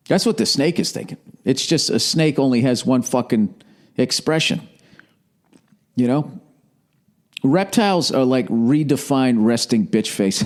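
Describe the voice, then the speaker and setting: A man's voice: medium pitch, animated, measured pace, pauses often. A middle-aged man hosting a podcast, rambling through a profane comedic monologue and slipping into mock voices. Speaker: podcast host.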